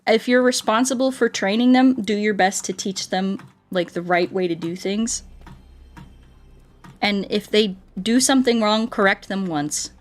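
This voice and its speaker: A woman's voice: mid-range voice, a little slow. A woman streamer and ASMR artist chatting casually with her viewers, playful and self-joking, with faint game music behind her. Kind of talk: casual livestream chat with viewers.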